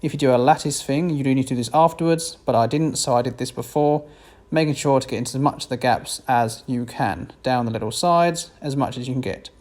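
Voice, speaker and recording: A man's voice: mid-range voice, a little fast, darkish tone. A British man giving a casual, self-deprecating voiceover for a home cooking video. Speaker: cooking vlogger.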